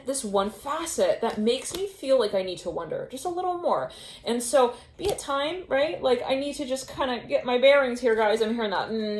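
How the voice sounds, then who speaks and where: A woman's voice: mid-range voice, darkish tone, reverberant, slight background noise. A woman giving a casual tarot reading to her viewers, rambling and intuitive, with frequent laughs and restarts. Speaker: tarot reader.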